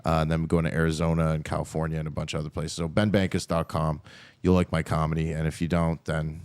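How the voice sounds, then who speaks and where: A man's voice: rumbling low, monotone, fast talker, a little mellow, clear, resonant tone, no echo. A man from Canada, a comedian guest, talking in a loose, rambling way with many fillers. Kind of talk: casual chat.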